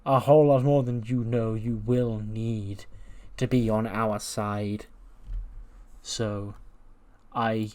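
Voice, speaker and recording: A man doing a soft sinister cult leader. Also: mid-range voice, close to an everyday voice. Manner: slow, soft, menacing. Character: calm sinister male wrestling cult leader.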